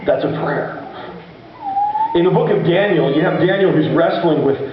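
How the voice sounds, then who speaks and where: A male pastor giving a sermon, telling Bible stories in a lively, casual way and acting out the voices. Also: fairly high pitch, normal speed, noisy background. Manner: animated storytelling preacher, acts out voices. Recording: echoey dull room recording.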